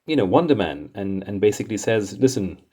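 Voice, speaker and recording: Low, mellow man, exasperated. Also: sing-song, brisk, slightly rough. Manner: exasperated, chuckling. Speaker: comics commentary host. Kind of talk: casual commentary.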